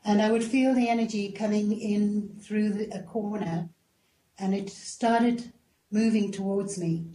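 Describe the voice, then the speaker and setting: A woman in her seventies from South Africa with a South African accent, calmly recalling her life as a guest on a talk show. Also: medium pitch, unhurried, reverberant, poor audio. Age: 70s. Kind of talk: casual interview chat.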